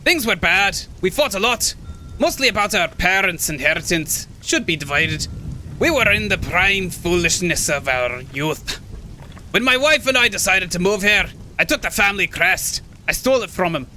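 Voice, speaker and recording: A man reading out an old hermit's lines from a video game in a high, loud voice with a rough attempt at a Scottish accent. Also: lively intonation, moderate pace, a little hiss or hum, full character voice. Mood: wistful. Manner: reading game dialogue aloud, dramatic. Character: lonely old man, stubborn hermit by the sea.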